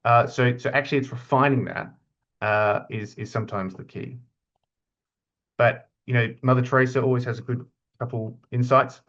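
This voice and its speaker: Male academic, middle-aged, casual webinar delivery, mid pitch, slightly dull call audio. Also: steady tone, moderate pace, a bit bright. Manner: chatty, many fillers and restarts. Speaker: university academic lead presenting a webinar. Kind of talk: informal slide presentation.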